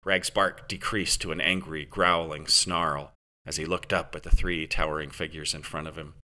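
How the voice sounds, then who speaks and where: Male audiobook narrator, dry satirical reading, bright and clear. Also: very deep voice, flat delivery, moderate pace. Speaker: author and narrator.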